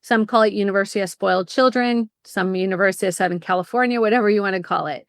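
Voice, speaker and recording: A middle-aged woman speaking as a podcast guest, telling stories with lively energy and explaining her services in bursts. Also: mid-range voice, no room sound, clean studio sound. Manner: lively storyteller, fast bursts when explaining. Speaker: guest, college admissions consultant. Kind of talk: casual interview chat.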